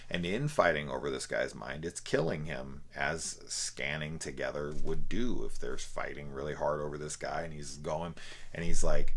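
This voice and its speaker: A man casually reviewing a film, rambling with many fillers and restarts. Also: very deep voice. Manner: rambling, lots of fillers and laughs.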